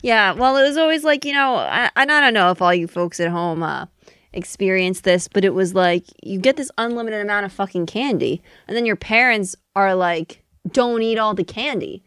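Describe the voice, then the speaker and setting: A woman in her thirties co-hosts a relaxed podcast, speaking bluntly and swearing with ease. Her pitch sits in the ordinary middle range. The sound is close and dry, with no room echo. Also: moderate pace, clean tone. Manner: frank, swears casually, laughs easily. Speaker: podcast co-host. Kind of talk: casual chat.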